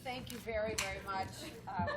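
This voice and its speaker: A woman's voice: medium pitch, fairly even intonation, moderate pace, over a noisy crowd. A woman moderating a panel discussion, making light, brief remarks as she hands over to the next speaker. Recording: audience noise in the background.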